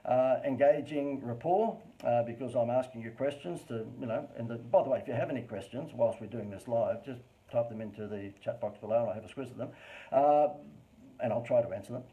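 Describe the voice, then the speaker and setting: An Australian man presents marketing advice on a live stream in a mellow, warm-toned voice. His inflection is animated and over the top, broken up by chatty, informal asides. His voice sits at an ordinary middle pitch. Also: fairly quick, rough recording. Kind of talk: live-streamed business talk.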